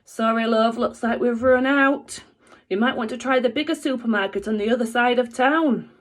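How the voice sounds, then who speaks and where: A woman's voice: on the high side, normal speed, pitched above the performer's own voice, close to an everyday voice. Friendly, easygoing supermarket worker guy, done by a woman reader.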